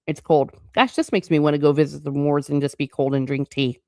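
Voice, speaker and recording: A woman's voice: low voice, steady tone, mellow, no room sound, clean studio sound. A woman reading a classic novel aloud, stopping often for chatty, playful asides. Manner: chatty asides between passages, quick and playful. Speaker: book reading channel host.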